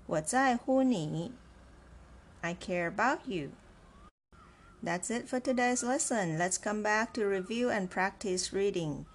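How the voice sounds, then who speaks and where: Woman, language teacher, slow and deliberate, repeats each phrase three times. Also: medium pitch, expressive, a little hiss or hum. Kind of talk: slow, clear language lesson.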